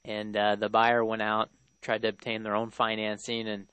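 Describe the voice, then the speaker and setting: A man's voice: on the low side, monotone, moderate pace, fairly bright tone, clean tone, no room sound. A man co-hosting a radio show, laid-back, telling casual stories. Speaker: radio co-host. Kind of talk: live radio talk. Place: radio studio.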